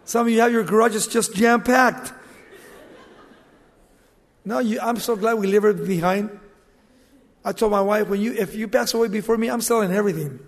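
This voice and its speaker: A man's voice: sits high, moderate pace, pauses often, long reverb tail. A middle-aged man, a pastor, preaching a sermon, asking rhetorical questions and joking with the congregation.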